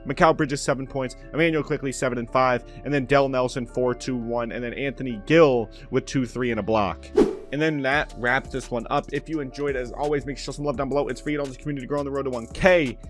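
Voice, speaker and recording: A young man commenting on his own video game play, bursting into loud calls on made shots. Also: mid-range voice, steady tone, quick pace, music in the background. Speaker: gaming commentator.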